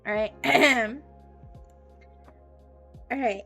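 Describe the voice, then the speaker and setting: A woman's voice: a little high, extremely slow, creaky, sharp tone, breathy edge. A woman streaming live and chatting casually, giggly, with frequent restarts, with faint music behind.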